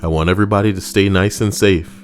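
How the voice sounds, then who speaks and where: A man hosting a casual reaction stream, talking in a slangy, animated way and swearing freely. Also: deep voice, quick pace, soft background music. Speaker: streamer host.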